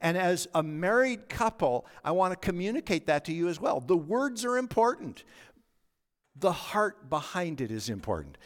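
A middle-aged man preaching a sermon as a pastor, earnest and anecdotal, moving between emphatic points and soft, quiet asides. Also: fairly high pitch, lively intonation, moderate pace. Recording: long hall reverb.

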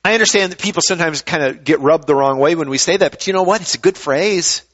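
Man, pastor, sermon, conversational, restarts his words, fairly high voice, dull lo-fi recording. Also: fast, a bit bright. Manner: conversational, repeats words when starting a thought.

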